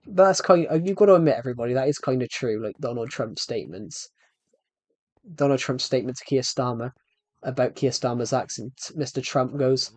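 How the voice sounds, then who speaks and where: With no room sound around him, a man speaks in a mid-range, darkish voice at a fairly quick clip. He's live-streaming a game, chatting aimlessly and directly to the people watching.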